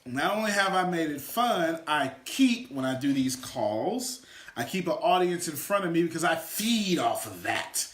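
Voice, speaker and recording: Male motivational coach, animated and bright, lively pitch, echoey room. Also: measured pace. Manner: animated, swings from loud shouts to quiet asides. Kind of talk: energetic motivational teaching. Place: room with a small live audience.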